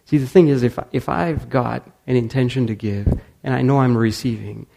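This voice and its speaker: Guy giving a talk, raspy gravelly voice, acts out the quotes. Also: mid-range voice, normal speed. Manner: animated storyteller acting out quotes. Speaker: speaker. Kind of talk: storytelling talk.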